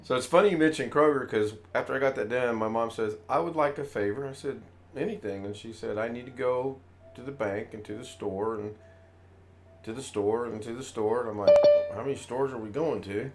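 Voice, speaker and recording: A brisk, medium-pitched American man hosts a relaxed live chat with faint music behind him. His long, meandering story comes with acted-out quotes from the people involved.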